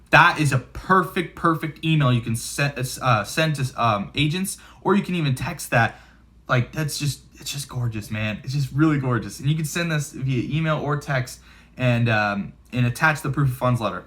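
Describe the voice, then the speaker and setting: Casual real estate guy with a bright, forceful voice, loose and rambly, says man and bud a lot. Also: mid-range voice, animated, moderate pace. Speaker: real estate investor and coach. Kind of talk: casual instructional talk to camera.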